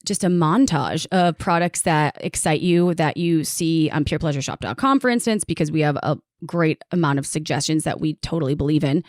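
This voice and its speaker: A woman's voice: sits low, moderate pace, hardly any pauses, darkish tone, dry recording, clean studio sound. A woman co-hosting a podcast, chatting casually and enthusiastically while promoting events and products. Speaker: podcast co-host.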